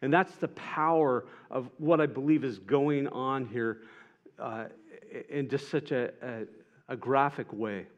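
A man preaching a sermon in an earnest way, rising to emphatic peaks and dropping soft and tender at moments. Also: mid-range voice, unhurried, muffled recording. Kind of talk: sermon retelling gospel scenes.

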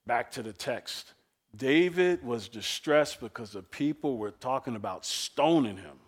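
A man preaching a sermon, telling the story in a lively, conversational way and acting out the quoted speakers. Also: fairly high pitch, measured pace. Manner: animated storytelling preacher, acts out quoted voices; casual, chuckles often. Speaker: pastor.

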